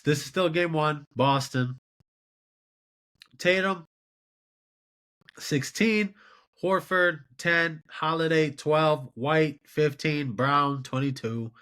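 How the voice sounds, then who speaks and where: A man in his twenties hosting a solo sports show, giving animated, exasperated commentary on game results. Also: a little high, slow, long pauses. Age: 20s. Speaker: podcast host.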